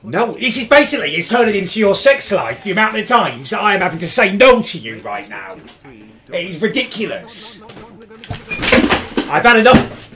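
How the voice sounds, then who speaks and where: A man, livestreaming and yelling angry, swearing commentary at his game and his chat. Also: high voice, very animated, brisk, background noise. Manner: shouting, swearing, exasperated outbursts. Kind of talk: raging live gameplay commentary.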